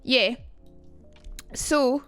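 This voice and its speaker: A woman's voice: high-pitched, very slow, a bit bright, clean tone, no echo, faint music behind. A young Scottish woman chatting on a livestream and teaching accents in a rambling, jokey way. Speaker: streamer.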